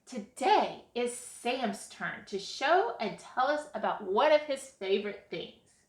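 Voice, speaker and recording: Woman playing a calm storybook teacher, gentle and clear, echoey room. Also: a little high, slow pace. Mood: instructive. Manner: calm, explanatory. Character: patient kind schoolteacher woman.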